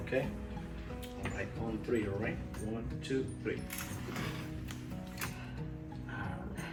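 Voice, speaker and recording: Man coaching a patient over loud guitar. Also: medium pitch. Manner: gentle, instructive, frequent "okay?" check-ins and fillers. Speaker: occupational therapy student. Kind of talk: clinical role-play with a patient. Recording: echoey room, mic far off, loud guitar music.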